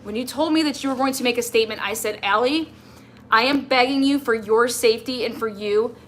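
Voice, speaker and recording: A woman's voice: a little high, a little fast, a little hiss or hum. A woman hosting a livestream, ranting in an exasperated, confrontational way and talking straight at someone who is absent. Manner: exasperated, confrontational, addresses absent person directly. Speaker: livestream host.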